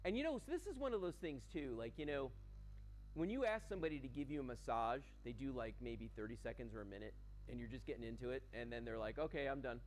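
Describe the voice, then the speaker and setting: Lively, chatty shopping-channel man. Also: medium pitch, quick pace, slight background noise, rough recording. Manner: chatty, enthusiastic, lots of fillers. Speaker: home shopping host. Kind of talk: live TV product demonstration. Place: TV studio. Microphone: earpiece and studio mic.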